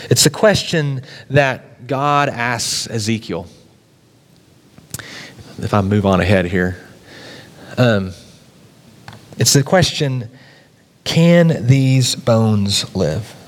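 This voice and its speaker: A man's voice: mid-range voice, long reverb tail. A man preaching a sermon, building with repeated questions and rising emphasis. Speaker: pastor.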